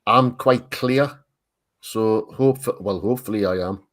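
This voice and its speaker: A co-host on an art livestream, this man from Tyne and Wear in Northern England chats casually with the group, often repeating words as he searches for them. His voice is mid-range and unhurried.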